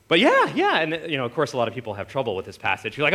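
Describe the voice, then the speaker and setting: A man's voice: mid-range voice, fast. A man preaching a casual, conversational sermon, often acting out quoted voices. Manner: animated, conversational, acts out voices.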